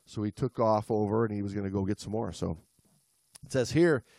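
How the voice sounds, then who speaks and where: A man's voice: on the low side, fairly quick, vocal fry, a little mellow, no room sound, clean studio sound. A man co-hosting a podcast, reading a story aloud between laughs and joking with his co-host in put-on slang. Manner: jokey, laughs often, puts on Aussie slang.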